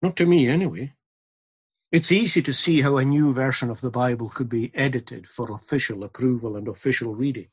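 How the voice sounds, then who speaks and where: Male preacher, husky timbre, earnest and emphatic. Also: mid-range voice, fairly quick. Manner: earnest, building to emphatic repetition. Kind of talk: sermon.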